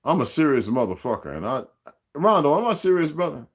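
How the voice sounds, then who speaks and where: A man's voice: fairly high pitch, very animated, fairly quick, husky. A man in his sixties hosting a livestream, speaking in a rambling, profane, streetwise rant aimed straight at his viewers and chat. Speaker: livestream host.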